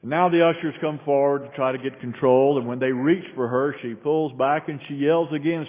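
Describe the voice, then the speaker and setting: A male pastor preaching a sermon, telling a story and shifting between raised bursts and quiet low passages. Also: fairly even intonation, normal speed, hardly any pauses. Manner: storytelling with sudden raised quoted shouts and quiet drops. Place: large church sanctuary. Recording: echoey hall on a tinny phone-like line.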